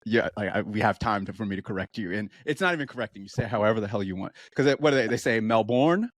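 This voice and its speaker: A man from New York, a podcast guest chatting casually, animated, laughing often and acting out quoted voices. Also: lowish voice, racing, no echo. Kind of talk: casual chat.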